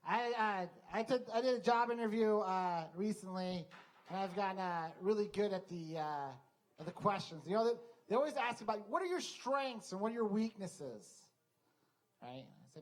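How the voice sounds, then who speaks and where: A man hosting a comedy club night, telling a short bit and introducing comics with a halting, filler-heavy delivery. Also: high voice. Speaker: comedy show host. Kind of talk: stand-up and emcee patter.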